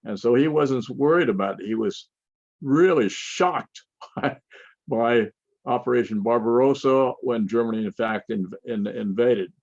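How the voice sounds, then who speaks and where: Older man lecturing, gravelly and halting. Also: medium pitch, darkish tone, no room sound, muffled recording. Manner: halting, with frequent restarts and fillers. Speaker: conference speaker. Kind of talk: lecture with slides.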